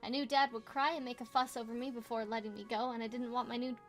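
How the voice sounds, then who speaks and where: A young woman reading a visual novel aloud as a gamer, playful, with quick asides and exclamations. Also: a little high, flat delivery. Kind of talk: casual let's play reading with asides.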